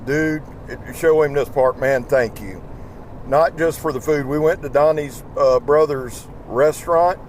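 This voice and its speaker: A man's voice: a little high, unhurried, a little mellow, slight background noise. A tired man with a Southern accent, chatting casually and rambling in a folksy, profane way while driving his pickup truck. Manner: rambling, folksy, swears freely. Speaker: YouTube knife channel host. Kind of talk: casual driving vlog chat. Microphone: small microphone in the truck.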